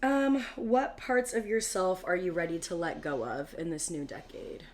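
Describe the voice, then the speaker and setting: A woman's voice: lowish voice, very animated, normal speed. A woman in her thirties co-hosting a podcast, asking questions and affirming her friend. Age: 30s. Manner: supportive, affirming. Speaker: podcast co-host. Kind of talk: casual chat, asking questions.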